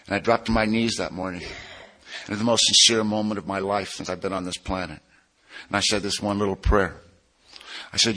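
A man's voice: on the low side, steady tone, a little fast, pushed and bright. A man telling his recovery story to a meeting, plainspoken and emotional. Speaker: recovery speaker. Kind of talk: personal testimony at a recovery meeting.

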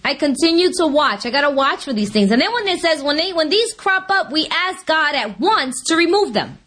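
Animated high-voiced woman sharing a story. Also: normal speed. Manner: animated storytelling, acting out her own lines, laughing often. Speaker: speaker sharing at a recovery meeting. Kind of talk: personal testimony with anecdotes.

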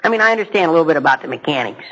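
A man's voice: on the high side, lively intonation, racing, pushed and bright, poor audio. Self-mocking middle-aged man telling his story. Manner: direct to audience, asks questions. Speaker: speaker at a recovery meeting. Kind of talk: personal testimony talk.

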